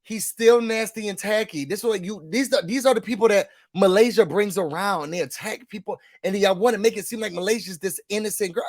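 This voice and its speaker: A man giving casual recap commentary on a reality show, sassy and animated, repeating words for emphasis. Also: sits high, brisk, hardly any pauses.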